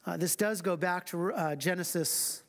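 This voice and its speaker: A man teaching a church Bible class as pastor, reading scripture slowly and with emphasis, then talking quickly and casually. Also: high voice, fairly bright tone, big-room sound.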